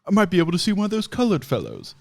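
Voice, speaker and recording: A haughty, glamorous grandmother in her later years, as a man puts her on, stretching every word in an airy, posh drawl. The voice sits well above a man's usual pitch and floats with lofty affectation. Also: huge pitch swings, vocal fry, no echo, exaggerated voice. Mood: affected. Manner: posh, drawn-out "darling" drawl.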